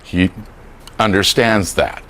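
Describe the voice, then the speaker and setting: A man's voice: deep voice, takes it slowly. A man teaching a dementia care class to a room of people, acting out quoted dialogue as he explains. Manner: animated, acts out quoted dialogue. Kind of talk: lively training lecture. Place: room with a live audience.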